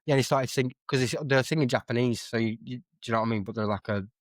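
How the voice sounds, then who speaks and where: A young man, guesting on a casual podcast. He meanders through his anecdotes, stopping and correcting himself as he goes. His voice sits at an ordinary pitch, recorded close on a dry mic. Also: steady tone, very fast, no echo. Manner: rambling, self-correcting storyteller. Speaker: guest streamer and musician.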